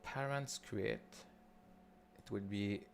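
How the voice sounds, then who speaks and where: A man from Quebec with a Quebec French accent, leading a live coding walkthrough in a halting, think-aloud way with frequent restarts. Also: on the low side, creaky, slight background noise. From Quebec, Canada. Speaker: developer leading a builder session.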